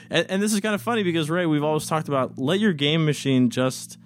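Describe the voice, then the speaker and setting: A man's voice: a little high, a little fast. A man co-hosting a podcast, reading the news in easygoing casual chat. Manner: easygoing, chuckling. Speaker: podcast co-host.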